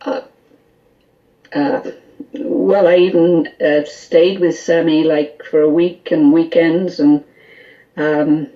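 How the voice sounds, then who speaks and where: A woman guest on a call-in radio show, telling an animated story full of quoted dialogue and small laughs. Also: sits low, takes it slowly, long pauses, highs cut off. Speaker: guest, skull interpreter.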